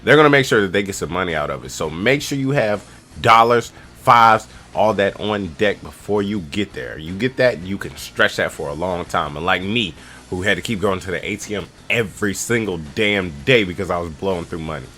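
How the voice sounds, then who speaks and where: A man's voice: low-pitched, expressive, brisk, pushed and bright, slight background noise. A man in his twenties giving loose, slangy, rambling travel advice straight to camera as a casual vlogger. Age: 20s.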